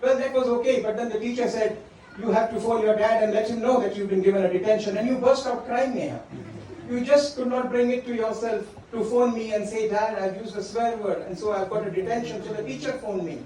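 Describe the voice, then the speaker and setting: A high-voiced, middle-aged man speaks with fairly even intonation as he gives his daughter's wedding toast, telling warm stories and stopping often to say her name. Slight background noise accompanies the distant, echoey capture of the large function hall, where faint guests laugh.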